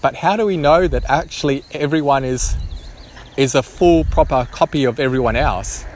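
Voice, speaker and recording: A man's voice: mid-range voice, moderate pace, a little hiss or hum. Hesitant man musing to camera. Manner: hesitant, many restarts and ums. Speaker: vlogger.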